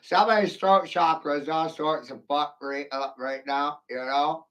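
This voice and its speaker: A man's voice: a little high, steady tone, normal speed, hardly any pauses, fairly bright tone. A man delivering a rambling, profane, mocking solo rant to the camera.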